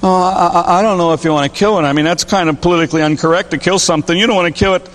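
A man's voice: high voice, fairly even intonation, fairly bright tone, in a large hall. A preacher doing a flustered, stammering man in purgatory. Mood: flustered pleading. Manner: hurried, stammering, pleading. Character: frantic man in purgatory, bargaining, squirming.

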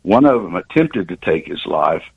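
An older man from Oklahoma calls in to a radio show over a dull, lo-fi phone line, his voice sitting fairly low. He retells a long story earnestly and ramblingly, often stopping to restart a thought. The sound is dry and close. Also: sing-song, normal speed, creaky, breathy edge, no room sound. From Oklahoma, USA. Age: 60s. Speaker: radio caller. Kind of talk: call-in storytelling. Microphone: telephone.

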